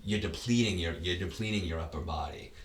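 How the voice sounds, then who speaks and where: Low-voiced man rambling in a roomy space. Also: brisk, distant mic. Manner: rambling, repeats and restarts words. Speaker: podcast guest, ultra race runner. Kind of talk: casual conversation.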